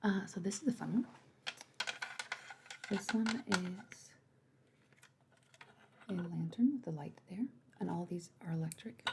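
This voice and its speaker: A woman voicing an attentive female party planner in a whispered role-play, softly reassuring as she shows decorations. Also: lowish voice, measured pace, creaky, pauses often, slight background noise. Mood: gentle. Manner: soft, reassuring sales talk.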